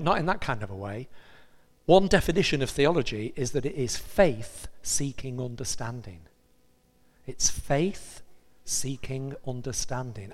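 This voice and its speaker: A man preaching a sermon, telling a story in an animated way and acting out the characters' voices. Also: mid-range voice, normal speed, long reverb tail.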